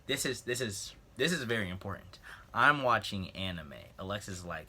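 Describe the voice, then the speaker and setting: Teen male vlogger with a low, forceful voice, loose and rambling as he tells a school story. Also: lively intonation, moderate pace. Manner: rambling, jokey asides, clears throat often. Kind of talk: casual storytelling.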